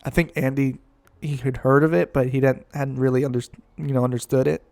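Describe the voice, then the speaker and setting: A man's voice: mid-range voice, steady tone, a little fast, vocal fry, darkish tone, no echo. A man co-hosting a casual podcast, explaining in a rambling way with lots of fillers and laughs. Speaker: band teacher and podcast co-host. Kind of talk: casual chat.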